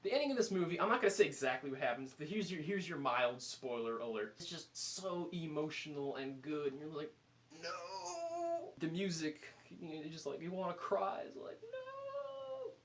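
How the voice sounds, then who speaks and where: A man giving a casual spoken movie review, animated and full of fillers, acting out his own reactions. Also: on the high side, brisk, few pauses.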